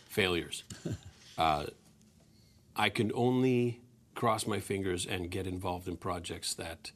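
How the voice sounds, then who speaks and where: A man's voice: sits low, a bit bright. A man in his forties, an actor guest answering interview questions, self-deprecating and hesitant with many restarts.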